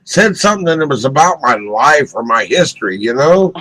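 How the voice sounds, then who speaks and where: A man hosting a radio talk show, eager and excitable about talking with a psychic. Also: mid-range voice, moderate pace, rough recording. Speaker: radio host. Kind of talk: casual radio chat.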